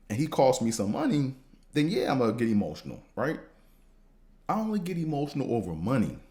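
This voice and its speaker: A man hosting a podcast, talking in a casual, slangy, profane monologue that rambles and jumps higher when he gets fired up. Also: darkish tone. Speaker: podcast host.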